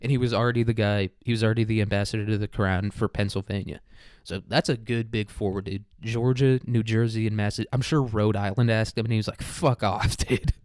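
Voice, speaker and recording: A man's voice: fairly low pitch, steady tone, fast, darkish tone, clear, resonant tone, no room sound, clean studio sound. A man hosting a casual history podcast alone, rambling with crude, self-mocking jokes. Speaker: podcast host.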